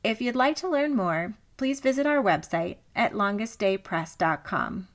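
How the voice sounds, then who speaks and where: A woman author reading her own memoir aloud, in a measured, reflective style of scripted narration. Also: medium pitch, expressive.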